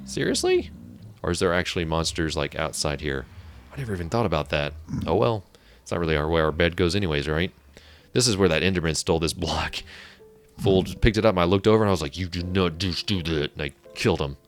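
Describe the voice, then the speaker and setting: A deep-voiced man talks through his game in a loose, rambling way, restarting sentences as he goes. He sounds relaxed and chatty, like a host chatting with his regular viewers. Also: quick pace, soft background music. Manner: rambling, chatty, self-interrupting. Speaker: let's play host. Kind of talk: casual gameplay commentary.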